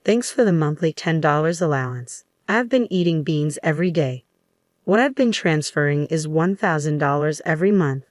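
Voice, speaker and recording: A woman reading the lines of a young male student who speaks quietly and apologetically. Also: low-pitched, lively intonation, moderate pace, no echo, studio quality. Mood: apologetic.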